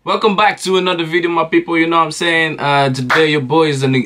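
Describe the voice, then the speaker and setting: A man's voice: on the high side, steady tone, fairly quick, fairly bright tone. A young man hosting a reaction vlog, chatting casually and rambling with lots of filler asides. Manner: rambling, keeps saying "you know what I'm saying". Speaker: reaction channel host.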